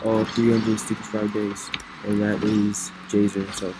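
A man giving excitable let's play commentary, reacting loudly to the plays. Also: on the low side, a little slow. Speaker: gamer. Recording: noisy with game sounds behind.

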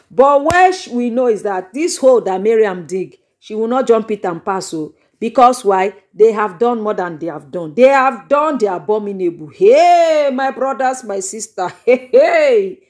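A young Nigerian-accented woman hosts a YouTube channel, animatedly retelling gossip with dramatic exclamations. Her voice sits on the high side, and she talks at a moderate pace with few pauses into a microphone.

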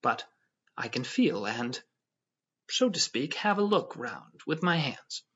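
A man voicing a self-important civil servant who lectures calmly and at length. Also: medium pitch, breathy edge, heavily acted. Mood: pompous tranquil. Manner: measured, lecturing tone. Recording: dull lo-fi audio.

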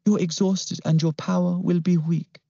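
A man voicing a mysterious, persuasive businessman who talks calmly and smoothly. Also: high-pitched, normal speed, dry recording, pitched above the performer's own voice. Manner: calm, smooth, bargaining. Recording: dull lo-fi recording.

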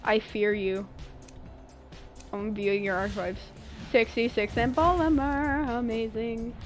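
A woman's voice: fairly high pitch, steady tone, takes it slowly, soft background music. A young woman streaming a game live, chatting playfully with her viewers while she plays. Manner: playful, chatty, talks to chat. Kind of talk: live gameplay commentary.

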